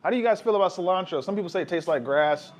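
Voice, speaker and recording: A man's voice: high-pitched, rapid-fire, slight background noise, rough recording. A young man, chatting casually to viewers as he cooks in his home kitchen. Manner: relaxed, chatty, talks to viewers while cooking. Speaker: family vlogger cooking. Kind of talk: casual cooking vlog chat.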